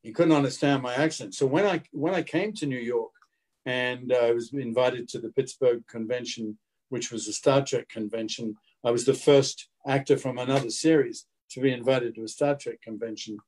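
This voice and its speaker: An older man with an Australian accent, a guest actor telling anecdotes in an interview in a relaxed, storytelling way. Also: mid-range voice, normal speed.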